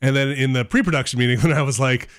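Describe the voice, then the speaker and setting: A man hosting a podcast, talking casually and haltingly, full of fillers and restarts. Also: mid-range voice, fairly bright tone. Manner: rambling, hesitant setups with many fillers. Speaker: podcast host. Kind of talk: casual chat.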